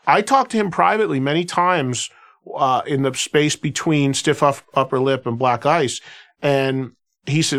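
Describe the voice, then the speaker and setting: With a mid-range voice that runs a little slow, this radio host spins loose, conversational stories. He's animated but filler-heavy, restarting often and saying "you know" a lot.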